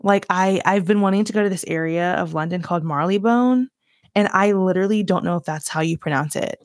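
A woman's voice: lowish voice, fairly quick, dry recording. Chatty young Southern woman, dry sound. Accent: Southern US (Virginia). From Virginia, US. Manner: chatty, rambling, heavy "like" filler, self-mocking laughs. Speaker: podcast host. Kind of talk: casual solo chat.

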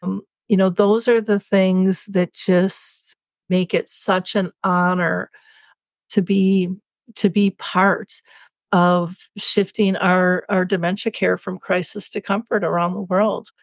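A woman's voice: mid-range voice, little pitch movement, takes it slowly, no room sound. A middle-aged woman, a patient advocate, speaking in a heartfelt, reflective way in a podcast interview. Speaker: dementia patient advocate guest.

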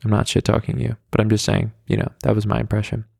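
A man hosting a solo podcast, telling rambling, self-deprecating stories in his flat with many fillers, carrying a handheld mic around as he walks. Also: fairly low pitch, fast talker, gravelly, slightly rough, dry recording, studio quality. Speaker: podcast host. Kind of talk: casual solo storytelling. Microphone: handheld mic carried around.

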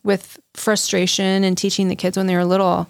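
Emphatic, gravelly middle-aged woman. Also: mid-range voice, monotone, a little fast, no echo, clean studio sound. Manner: frank, emphatic, swears casually. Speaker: podcast co-host. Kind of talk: casual chat.

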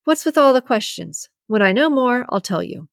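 Gruff male security boss read by a woman, clipped, guarded, audiobook character, dry close sound. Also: fairly high pitch, animated, normal speed, dry recording, pitched above the performer's own voice.

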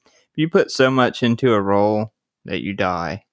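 A man co-hosting a podcast in earnest, casual chat, often doubling back on his words. His pitch is lively and animated, and the sound is close and dry. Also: normal speed, no room sound. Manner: earnest, repeats words while thinking. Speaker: podcast co-host. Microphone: studio podcast mic.

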